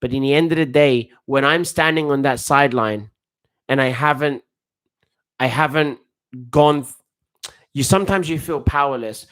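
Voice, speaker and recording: A man's voice: mid-range voice, normal speed, pauses often, smooth. A man giving a casual, rambling live reaction to a football match as a coach, full of restarts and slang. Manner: excitable, rambling, with frequent restarts and slang like "bruv".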